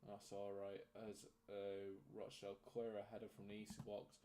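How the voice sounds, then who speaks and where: Breathless and fairly low-pitched, a young streamer talks at a moderate pace while covering a football match. He rattles through the scores flatly and banters with his viewers, with slight noise in the background.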